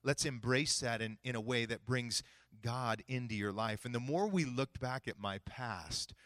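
A middle-aged male pastor preaching a sermon, telling a personal story and acting out both sides of a conversation with big swings in pitch and volume. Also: a little slow, no echo. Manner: animated, acts out dialogue with big jumps in pitch and volume.

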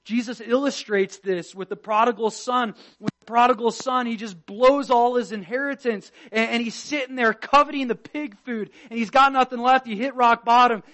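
A pastor preaching a sermon with passion, swinging between loud emphasis and hushed tones as he quotes scripture. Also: very high voice, moderate pace, few pauses. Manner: quotes scripture and acts out prayers.

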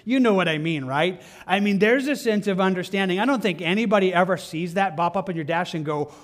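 A man's voice: high voice, fairly quick, few pauses. A pastor preaching a Sunday sermon in an earnest, conversational way, acting out the lines he quotes.

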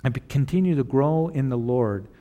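Male pastor, earnest sermon, mellow tone, church reverb. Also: medium pitch, expressive, normal speed. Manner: retells scripture in casual paraphrase with acted voices; earnest, encouraging. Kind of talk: sermon, reading scripture and retelling it.

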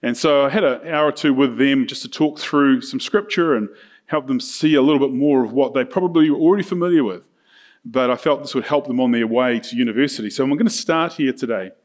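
A man preaching a sermon, telling a story casually and slipping into quick voices for the characters. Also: mid-range voice, a little mellow. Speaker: pastor.

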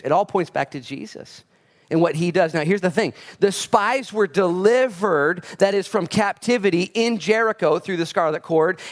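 A man preaching a casual, conversational sermon, animated and joking as he acts out the voices of people in his stories. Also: fairly high pitch. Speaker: pastor.

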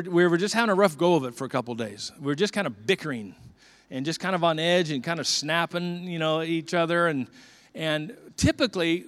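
A man's voice: fairly high pitch, a bit bright. An older man, a pastor, preaching a conversational sermon with earnest repeated restarts.

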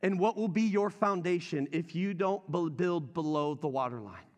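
A male pastor with a notably high voice delivers a sermon, speaking conversationally and turning straight to his congregation. His words ring out with the long reverb of a big church hall. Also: moderate pace. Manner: conversational, addresses the congregation directly.

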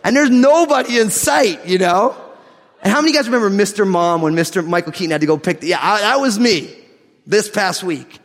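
A man with a high, light voice preaches in an echoing church hall. He reads scripture, then slips into lively, joking anecdotes from his own life, laughing as he tells them. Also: quick pace. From New Jersey. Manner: animated, jokey asides, laughs through lines. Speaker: pastor. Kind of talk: sermon with humorous storytelling.

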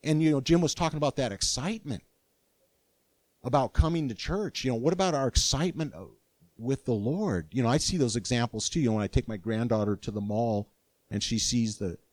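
An older man preaching a sermon with earnest, animated conviction. He often restarts his sentences mid-thought. His mid-pitched voice is recorded dry and close. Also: brisk, no echo. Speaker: pastor.

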